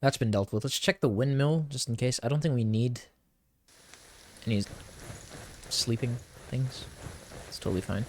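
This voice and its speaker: Brief: casual let's-play host, man, mid pitch, joking profane asides. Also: moderate pace, pauses often, a little mellow, slight background noise. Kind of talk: casual game commentary.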